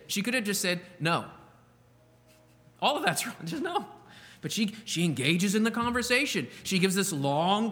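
A man preaching a sermon, slowing down to stress quoted words and asking the listeners rhetorical questions. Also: sits high, bright, forceful tone, in a large hall. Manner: slow, emphatic delivery with rhetorical questions. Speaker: pastor.

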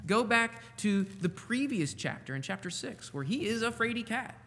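A man's voice: high-pitched, very animated, normal speed, bright, forceful tone, big-room sound. A man preaching a conversational sermon, reading scripture aloud and breaking off into casual asides. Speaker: pastor.

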